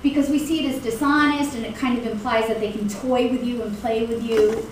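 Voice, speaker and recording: Woman, middle-aged, high voice, animated classroom lecture, distant mic, echoey hall, noisy background. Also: a little fast. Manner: animated, acts out quoted voices, laughs often. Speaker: college instructor. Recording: echoey classroom recorded from afar.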